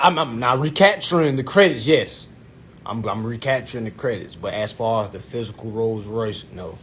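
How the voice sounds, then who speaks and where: A young man telling a profane, animated story in a casual vlog, full of "you know what I'm saying". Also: on the low side, slight background noise. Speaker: vlogger giving consumer-credit advice.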